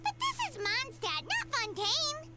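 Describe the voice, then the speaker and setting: Paimon, a squeaky fairy companion. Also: female voice, wildly swooping pitch, unhurried, heavily acted. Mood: eager. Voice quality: squeaky, childlike. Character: tiny excitable female fairy companion. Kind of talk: video game voice acting. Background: loud game music.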